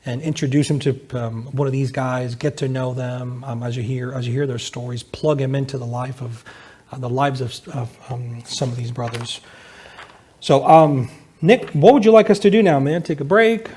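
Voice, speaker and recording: Husky-voiced guy talking to a men's group, lots of restarts. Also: medium pitch, steady tone, darkish tone. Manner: halting, repeats words. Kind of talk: casual group talk.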